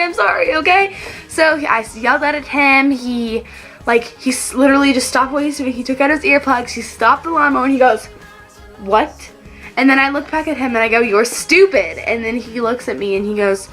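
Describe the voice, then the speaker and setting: A woman's voice: high voice, sharp tone. A teenage girl from Texas chatting to the camera, telling childhood stories in a chatty, giggly way and acting out what she said as a kid. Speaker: vlogger. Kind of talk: casual storytelling to camera.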